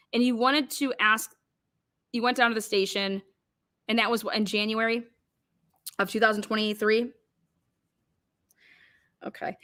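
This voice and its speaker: A woman's voice: fairly high pitch, fairly bright tone. A woman commentator acting out a cross-examination, firing pointed questions one after another. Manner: rapid-fire pointed questioning.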